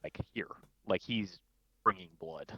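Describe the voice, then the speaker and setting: A deep-voiced man plays a tabletop game and talks hesitantly, with lots of fillers. The sound is dull and dry, as from a lo-fi mic. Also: measured pace, husky, no echo. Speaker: player. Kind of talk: casual game chat.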